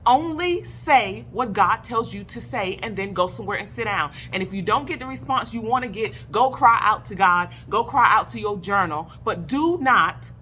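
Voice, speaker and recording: A woman sharing a personal faith testimony and exhorting wives, animated and emphatic, calling her listeners "baby". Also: medium pitch, normal speed, hardly any pauses, a little hiss or hum. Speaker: faith vlogger addressing wives.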